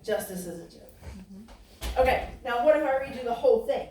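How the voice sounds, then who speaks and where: Woman pastor, high voice, chatty call-and-response preaching, recorded far off in an echoey church. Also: expressive, brisk, mellow. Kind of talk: sermon. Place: church sanctuary. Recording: roomy, distant church recording.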